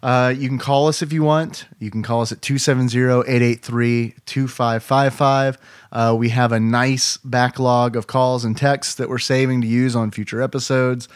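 A man's voice: mid-range voice, fairly even intonation, normal speed, clean tone, no room sound, studio quality. A man hosting a podcast, casually reading plugs with lots of fillers and the odd swear. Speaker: podcast host.

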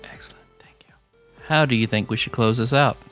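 A man co-hosting a podcast, trading jokes and quick asides. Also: mid-range voice, fairly bright tone, soft background music. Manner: jokey, laughing asides. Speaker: podcast co-host. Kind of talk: casual podcast banter.

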